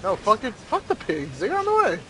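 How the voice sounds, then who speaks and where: A man's voice: sits high, huge pitch swings, a little fast, bright, forceful tone, a little hiss or hum, low-quality recording. A young man giving live co-op gameplay commentary, bossy and profane in his banter with friends. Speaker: gamer.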